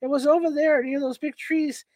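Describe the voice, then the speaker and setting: Sly, threatening adult male stranger in a read-aloud story, read by a woman, kept close to her own high voice. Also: steady tone, moderate pace, a little mellow, dry recording, natural voice. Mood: coaxing. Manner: sly, coaxing turning threatening. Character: menacing adult male stranger, coaxing then cruel.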